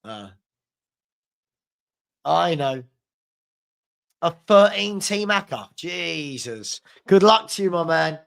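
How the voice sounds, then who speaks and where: A man's voice: on the high side, lively intonation, slow, creaky, long pauses, fairly bright tone. A young man hosting a live football watchalong, reading out viewer comments with sarcastic banter. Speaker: fan channel host.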